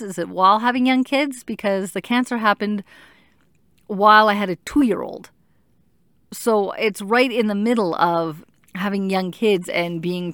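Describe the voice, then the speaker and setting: A woman's voice: mid-range voice, fairly bright tone, no room sound, studio quality. A woman in her thirties telling her own story in a candid, reflective, self-questioning way. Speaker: mother sharing her experience. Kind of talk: personal storytelling, casual.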